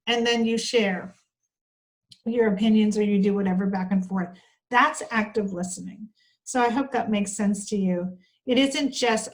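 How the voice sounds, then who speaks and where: A woman's voice: fairly high pitch, low-quality recording. A woman giving an online training lecture on care communication, talking conversationally and acting out short example dialogues.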